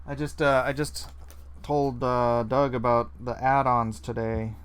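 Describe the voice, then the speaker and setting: A man hosting a casual live stream from home, relaxed and chatty, repeating short phrases. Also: mid-range voice, measured pace, clean tone. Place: home, with kids audible in another room.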